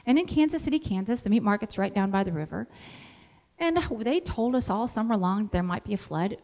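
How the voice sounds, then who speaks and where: A woman voicing her calm, dry-humored older father in a matter-of-fact, unhurried way as she tells a story. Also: mid-range voice, big-room sound.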